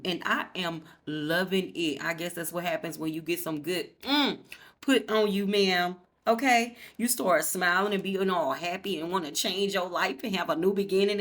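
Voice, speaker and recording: A woman recaps a TV episode in a loose, gossipy chat, swearing freely and talking right to her viewers. Her voice sits a little low for a woman. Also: a bit bright. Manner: chatty, gossipy and profane, addressing viewers directly. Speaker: TV recap vlogger.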